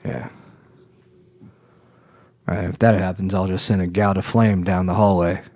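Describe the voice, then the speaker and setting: A man's voice: low voice, little pitch movement, measured pace, a little mellow, no echo. A man playing a tabletop game, casual and joking, swearing now and then.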